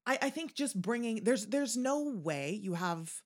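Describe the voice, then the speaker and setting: A woman co-hosting a podcast, thinking out loud about film casting in a musing, playful way. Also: on the high side, animated, measured pace. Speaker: podcast co-host.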